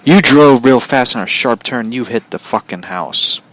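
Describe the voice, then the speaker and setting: A man's voice: medium pitch, expressive, normal speed, a bit bright. Profane, aggravated ranting man. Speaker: show host. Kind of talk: ranting storytelling. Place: at home.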